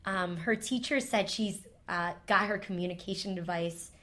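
A woman's voice: mid-range voice, normal speed, fairly bright tone. A woman, a former teacher, telling a heartfelt personal story in an interview, emotional and full of "like" fillers.

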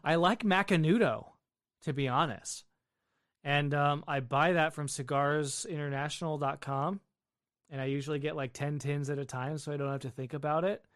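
Hosting a relaxed livestream from his home basement, a family man with a wife and kids reads out viewer questions and answers them offhandedly. His voice sits on the high side and is slightly bright, at a normal pace, captured in clean studio quality with no echo.

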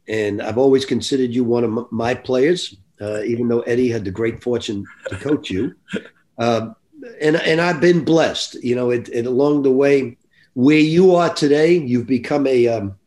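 A man's voice: mid-range voice, darkish tone. An older man, a basketball coach, talking earnestly and reflectively as a guest on a podcast. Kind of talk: podcast interview.

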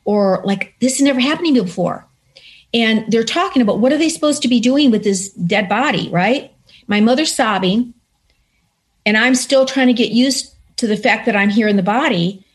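Woman guest, somewhat high-pitched, earnest and animated as she tells her story. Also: moderate pace. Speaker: interview guest. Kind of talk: personal story told in conversation.

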